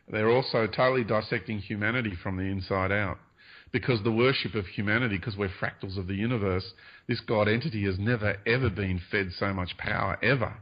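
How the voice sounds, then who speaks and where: A man speaking as a radio-show guest, talking earnestly about spiritual ideas, hedging often and pausing with fillers. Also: fairly low pitch. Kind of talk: spiritual interview talk. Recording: dull lo-fi radio audio.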